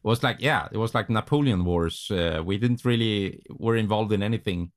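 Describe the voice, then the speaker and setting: Male interviewee with a Swedish accent, easygoing, conversational recollection. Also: lowish voice. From Sweden. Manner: unhurried and conversational, with frequent "uh" pauses. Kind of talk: recalling events in an interview.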